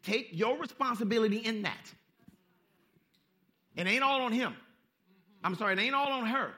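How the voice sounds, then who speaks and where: A male pastor preaching a sermon, emphatic and folksy, repeating phrases and swinging between hushed and loud. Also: extremely high pitch, moderate pace. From Southern California. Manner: folksy street-style preaching.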